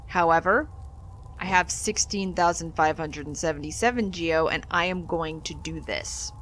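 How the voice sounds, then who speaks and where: A woman's voice: low-pitched, normal speed, a bit bright, slight background noise. A woman hosting a let's play, chatting casually and animatedly through the game with exasperated jokes. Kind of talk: casual gameplay commentary.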